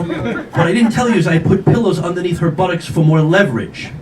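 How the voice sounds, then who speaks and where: A man's voice: high voice, brisk. An older man performing a stand-up comedy set, telling self-mocking stories with brash acted-out quotes. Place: comedy club stage with audience laughter. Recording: echoey club from a distance, noisy.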